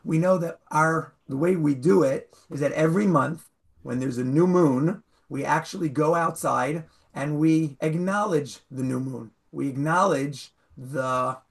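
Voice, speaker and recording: A man teaching an online Torah class over a video call, explaining slowly and stressing key words. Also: fairly high pitch, vocal fry.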